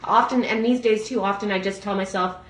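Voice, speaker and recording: A middle-aged woman, a massage therapist, talks through a daily reading in a gentle, searching way, often stopping and restarting her sentences. Her voice sits at an ordinary middle pitch for a woman. The room around her rings with noticeable echo. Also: fairly even intonation, slight background noise. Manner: gentle, halting, with frequent restarts and fillers. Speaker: massage therapist and breathwork facilitator. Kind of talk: reflective daily-reading talk.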